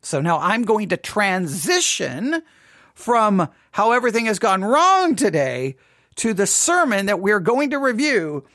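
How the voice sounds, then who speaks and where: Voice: medium pitch, a bit bright, no echo, clean studio sound. A podcast host talking casually, rambling, repeating words and asking listeners rhetorical questions.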